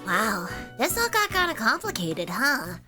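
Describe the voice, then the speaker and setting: A woman's voice: fairly high pitch, huge pitch swings, a little slow, music in the background, voice pushed down. A woman voicing a perky young female thief sidekick with a chirpy, playful manner. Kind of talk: let's play voice acting.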